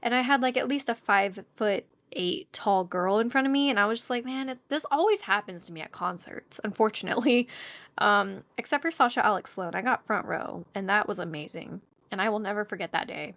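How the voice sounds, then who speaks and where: A young woman, hosting a podcast and telling a story in a chatty, animated way, squeaking when she acts out quotes. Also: fairly quick. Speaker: podcast host. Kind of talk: casual storytelling monologue.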